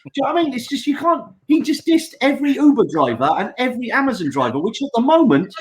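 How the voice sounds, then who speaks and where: A man's voice: very high voice, sing-song, fast talker, poor audio. A man co-hosting a wrestling podcast, chatting casually and mocking quotes in put-on voices. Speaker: podcast co-host.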